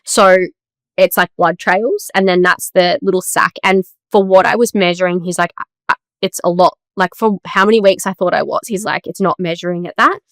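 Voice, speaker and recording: A woman's voice: fairly low pitch, fairly even intonation, fairly quick, dry recording. Chatty woman telling a story. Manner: chatty, storytelling with quoted dialogue. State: tearful at times. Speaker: podcast co-host. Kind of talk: casual chat.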